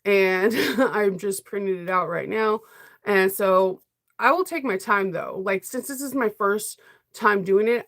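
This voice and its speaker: A middle-aged woman sewing vlogger chatting casually on a livestream, talkative and quick to laugh. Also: medium pitch, fairly bright tone. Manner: chatty, laughs often, emotional.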